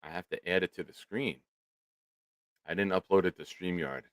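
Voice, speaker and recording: A man hosting a live sports fan stream, talking casually with bursts of loud mock cheering. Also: low voice, moderate pace, no echo, studio quality. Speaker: show host.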